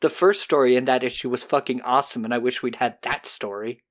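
A mid-pitched podcast host gives a lively, animated recap, dropping into quick put-on character voices and swearing freely throughout.

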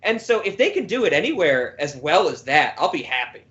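A man co-hosting a casual podcast, easygoing and quick to agree with his partner. His voice is high for a man. The recording is dull and lo-fi, with the top end rolled off. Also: sing-song, fairly bright tone. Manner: agreeable, backchannels often, laughs easily. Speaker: podcast co-host.

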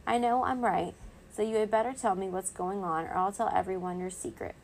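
A woman's voice: mid-range voice, fairly even intonation, brisk, slight background noise, close to an everyday voice. A woman voicing a bold, bossy young girl in a children's storybook, pushy and sure of herself. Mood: accusing. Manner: pushy, confident.

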